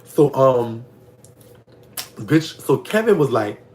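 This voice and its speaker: A man's voice: slow pace, a little hiss or hum. Gossipy man from Louisiana, Southern accent. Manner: gossipy and animated, voice jumping high when reacting to comments. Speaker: vlogger telling prison stories. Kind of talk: casual storytime monologue.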